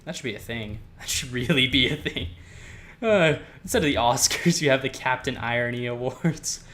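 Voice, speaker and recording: A man's voice: medium pitch, expressive, normal speed, a bit bright, a little hiss or hum. Rambling, jokey young-sounding gamer man. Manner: rambling, jokey and self-mocking. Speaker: gameplay video host. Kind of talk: casual gameplay commentary.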